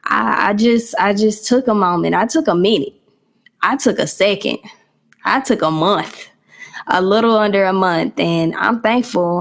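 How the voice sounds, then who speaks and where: A chatty woman hosting a solo podcast, talking straight to her listeners as "y'all" in an easy, animated way. Her voice has a country lilt she names herself, pitched in the middle for a woman. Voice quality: self-described country voice. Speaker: podcast host. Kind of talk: casual solo podcast talk.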